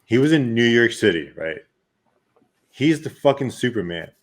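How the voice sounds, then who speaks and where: A man's voice: medium pitch, very animated, moderate pace. A man hosting a casual podcast chat, loose and playful, swearing freely. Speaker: podcast host.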